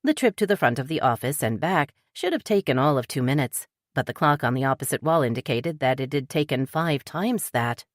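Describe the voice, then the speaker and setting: A woman narrating a cozy mystery audiobook with lively character reading. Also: extremely low pitch, a little fast, hardly any pauses, no room sound, clean studio sound. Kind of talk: scripted narration.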